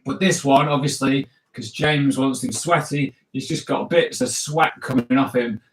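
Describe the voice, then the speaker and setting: A man's voice: medium pitch, steady tone, normal speed, rough recording. A man hosting a live drawing show, joking and chatting as he draws requests from viewers. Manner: playful, jokey, chatty running commentary. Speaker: cartoonist host. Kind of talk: live drawing stream for kids.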